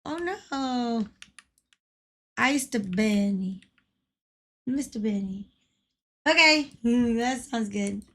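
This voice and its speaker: A woman's voice: fairly high pitch, lively intonation, extremely slow, pauses often, a bit bright. A woman livestreaming in a casual, playful way, giggling and swearing now and then as she chats.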